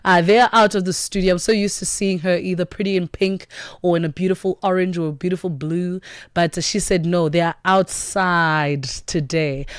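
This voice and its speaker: A woman's voice: lowish voice, fairly even intonation, normal speed, clear, resonant tone, no room sound. A woman hosting a morning radio show, talking in an effusive, motivational way from the studio. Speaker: radio host.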